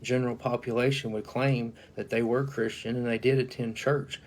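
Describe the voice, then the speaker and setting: A man's voice: mid-range voice, level tone, normal speed. A man giving an informal Bible teaching, talking conversationally with frequent fillers and reading scripture aloud. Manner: conversational, many "you know" fillers, reads scripture aloud. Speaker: preacher.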